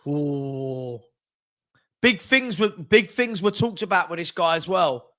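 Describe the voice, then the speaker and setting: A man's voice: a little high, expressive, slow pace, fairly bright tone. A man hosting a live football scores show, chatting casually and teasing his panel with quiz questions.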